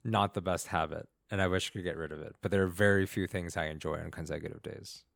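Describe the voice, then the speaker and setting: A man co-hosting a podcast in relaxed, self-deprecating chat. His voice sits very low with a gravelly fry, recorded dry and close. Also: fast talker, no echo. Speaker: podcast co-host.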